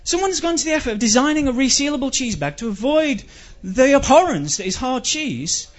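High-voiced man ranting in exasperation. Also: very animated, a little fast, highs cut off. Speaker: comedian. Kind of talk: stand-up comedy rant.

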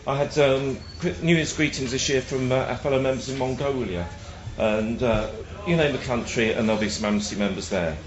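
Brief: male charity speaker, measured with ums, echoey room, audience heard behind. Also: medium pitch, dull audio, a crowd in the background. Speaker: charity representative. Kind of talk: speech at a live event.

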